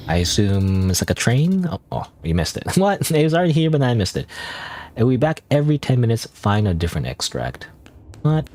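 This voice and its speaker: A man's voice: lowish voice, darkish tone, a little hiss or hum. A man streaming a game, thinking aloud in casual commentary with many restarts and hesitations.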